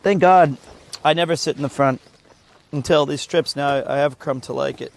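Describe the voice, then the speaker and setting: A man's voice: on the high side, normal speed, creaky, slight background noise. Upbeat man chatting in a car. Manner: upbeat and enthusiastic, laughs often. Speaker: vlogger traveling with a friend. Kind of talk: casual chat. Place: inside a car.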